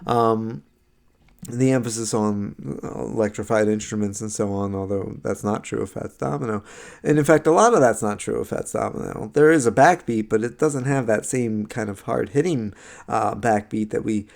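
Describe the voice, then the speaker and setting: A man's voice: on the low side, normal speed, creaky, darkish tone. A man giving a recorded slideshow lecture on music history, conversational, with many fillers and restarts and frequent "right?" checks.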